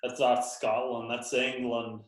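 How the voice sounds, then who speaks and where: A man's voice: medium pitch, level tone, measured pace. Casual male podcast host, jokey and loose, recorded in a roomy space. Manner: laid-back, joking, lots of fillers. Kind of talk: casual chat.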